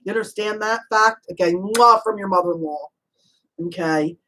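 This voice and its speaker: A woman's voice: mid-range voice, low-quality recording. A woman working as a psychic medium, giving a casual reading in a chatty way, laughing often and calling the listener honey. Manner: chatty, warm endearments, frequent "you know"; laughs easily, asks rapid probing questions.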